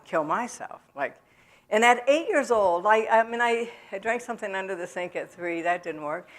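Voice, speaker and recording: A woman speaking in a church, telling her own story to the audience in a halting way, with many pauses and fillers. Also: on the low side. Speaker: guest speaker at a recovery event. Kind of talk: personal testimony to a church audience. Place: church sanctuary.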